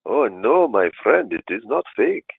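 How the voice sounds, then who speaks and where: A man faking a raspy foreign-accented troll caller. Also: medium pitch, very animated, a little slow, heavily acted. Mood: mock-earnest. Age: 20s. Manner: insistent, repeats "my friend". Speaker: prank caller. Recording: tinny phone line.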